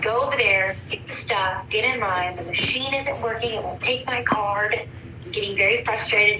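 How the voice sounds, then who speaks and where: A woman's voice: mid-range voice, moderate pace. A woman in her thirties giving a rambling, frank account in a counseling session, swearing freely. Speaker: counseling client. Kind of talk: casual personal account. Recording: echoey room from far off, faint noise.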